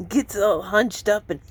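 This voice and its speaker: A woman's voice: medium pitch, husky. A woman vlogging casually, laughing often and slipping into baby talk with a kitten. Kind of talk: casual vlog chat.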